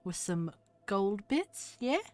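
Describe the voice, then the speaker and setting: A man's voice: high voice, sing-song, slow pace, a little mellow, clear, resonant tone, faint music behind, heavily acted. Bok, a woman doing a shy little dog-person tailor. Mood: eager. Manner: timid, eager.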